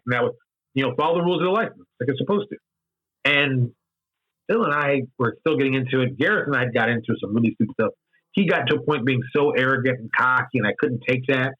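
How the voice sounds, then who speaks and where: Candid man in his fifties, husky voice. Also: mid-range voice. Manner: candid, repeats phrases for emphasis. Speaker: interview guest, game designer. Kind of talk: candid storytelling interview. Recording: dull lo-fi sound.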